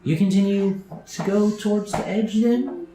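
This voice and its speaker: A man acting as game master, describing scenes and creatures in a tabletop game in a halting way, full of fillers. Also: high-pitched, fairly even intonation, noisy background. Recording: roomy sound with music behind.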